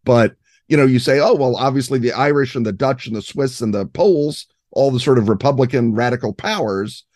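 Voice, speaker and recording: Man, podcast guest, erudite and expansive, dry close mic, mid pitch. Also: fairly quick, darkish tone, no echo. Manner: expansive, erudite, hesitant fillers. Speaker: guest game designer. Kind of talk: podcast interview.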